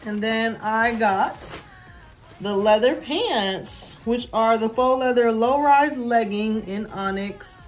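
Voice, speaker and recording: A young adult woman filming a casual try-on haul at home, chatty and excited, calling viewers y'all and baby. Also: fairly high pitch, slow. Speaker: fashion vlogger.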